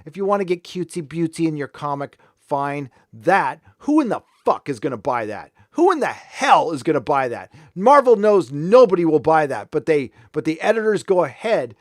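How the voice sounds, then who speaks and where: A man's voice: a little high, very animated, moderate pace, few pauses, no room sound, studio quality. A man hosting a live stream, ranting angrily with heavy profanity, then easing into casual chat with viewers. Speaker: livestream host.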